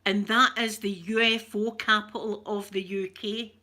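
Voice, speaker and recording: In broad Scottish speech, this ASMR streamer keeps a casual chat going with viewers, laughing and joking often. Her mid-range voice stays level and a little slow, with a bright, forceful tone.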